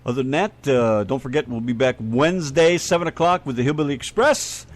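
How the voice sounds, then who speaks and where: A man's voice: mid-range voice, a little fast. A man hosting a radio show in casual chat, laid-back and folksy, often calling listeners "man".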